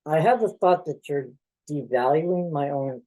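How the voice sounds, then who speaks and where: A man, a mental health professional, talking haltingly and defensively in a tense conversation, often trailing off. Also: fairly high pitch, animated, dark tone, poor audio.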